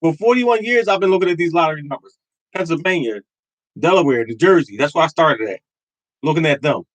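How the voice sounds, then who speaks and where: High-voiced man pitching lottery tips. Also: expressive, a little fast, no room sound, poor audio. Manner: emphatic and repetitive, preaching conviction. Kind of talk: live stream talking to chat.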